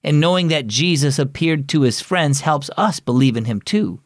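A man's voice: fairly high pitch, animated, normal speed, no echo, clean studio sound, natural voice. A man voicing a curious, playful young boy in a children's storybook, speaking earnestly. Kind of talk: storybook character voice.

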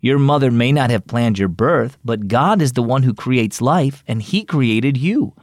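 An actor playing a kind older male neighbor who speaks calmly and firmly to comfort a boy. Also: medium pitch, measured pace, no room sound, clean studio sound, lightly acted. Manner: warm, steady, comforting.

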